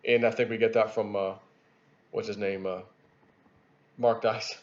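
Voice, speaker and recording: A man giving rambling political commentary on his video channel, animated and repeating himself as he talks. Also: on the low side, unhurried, dull audio. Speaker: YouTube commentator.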